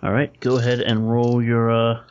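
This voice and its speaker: A man's voice: mid-range voice, monotone, normal speed, smooth, muffled recording. A man narrating a tabletop game as game master, talking casually with hesitant fillers.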